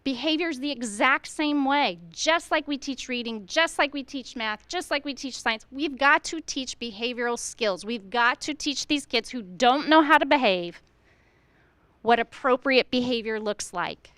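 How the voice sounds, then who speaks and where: A woman's voice: sits high, a little slow, fairly bright tone, clear, resonant tone, dry recording. A middle-aged woman, a school administrator, speaking earnestly to fellow educators at a staff meeting, firing off rhetorical questions and acting out how teachers should talk to students.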